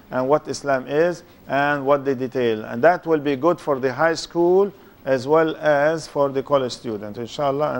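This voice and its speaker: An older man with a foreign accent giving an interactive religious lecture, quizzing his young audience and tagging points with "huh?". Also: a little high. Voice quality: speaks English with a foreign accent. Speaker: Islamic lecturer.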